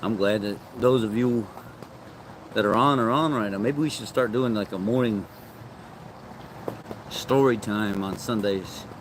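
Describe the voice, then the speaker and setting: A man's voice: on the low side, a little slow, long pauses, background noise. A man hosting a casual morning livestream outdoors, chatting about his dogs and talking to them. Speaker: livestream host.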